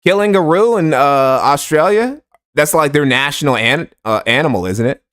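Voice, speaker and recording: A man's voice: fairly high pitch, animated, moderate pace, a bit bright. A man giving sarcastic, profane, rambling commentary on a livestream while reading donations. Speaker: streamer reacting to clips.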